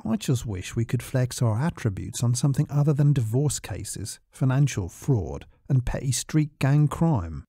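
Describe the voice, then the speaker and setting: A man's voice: medium pitch, animated, moderate pace, few pauses, warm tone, breathy edge, dry recording, studio quality. A man voicing a blunt, restless partner. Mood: dry, blunt.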